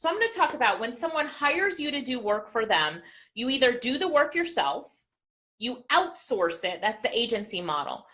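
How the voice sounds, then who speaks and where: Woman, middle-aged, business coach, motivational talk, bright forceful tone, fairly high voice, keeps quizzing the audience. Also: normal speed. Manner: energetic, keeps asking the audience questions.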